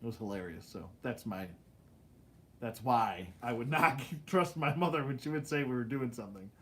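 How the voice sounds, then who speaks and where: A man hosting a casual livestream, telling stories in an animated way with laughs and swearing. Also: medium pitch, moderate pace. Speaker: livestream host. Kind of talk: casual storytelling chat.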